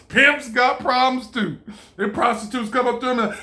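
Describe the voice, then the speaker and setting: A man giving an animated, preachy motivational monologue, laughing often and swearing freely. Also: extremely high pitch, moderate pace. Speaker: vlogger.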